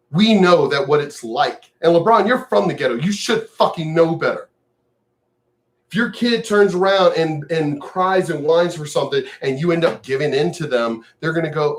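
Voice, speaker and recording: Older man ranting with profanity. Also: on the high side. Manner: profane, sneering, mocking. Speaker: vlogger. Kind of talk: angry direct-to-camera rant.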